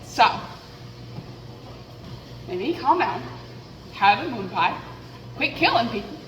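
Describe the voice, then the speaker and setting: A woman's voice: fairly high pitch, big pitch swings, slow pace, roomy sound, in a large hall, a little hiss or hum, low-quality recording. A woman vlogging into a headset mic, rambling candidly and poking fun at herself as she thinks aloud. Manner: chatty, self-deprecating, thinks aloud.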